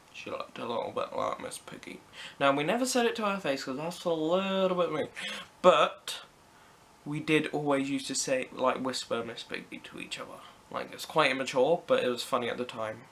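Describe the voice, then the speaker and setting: A man's voice: medium pitch, fairly bright tone, a little hiss or hum. A British teenage boy answering random questions to camera in a chatty, playful way with jokey asides. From Britain. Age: teens. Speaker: vlogger. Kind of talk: casual Q&A to camera.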